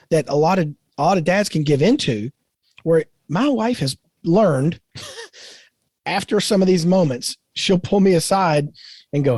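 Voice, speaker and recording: Husky-voiced earnest man. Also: high-pitched, measured pace, dry recording. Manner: earnest, animated storytelling with quoted voices. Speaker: podcast co-host. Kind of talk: casual faith-based podcast talk.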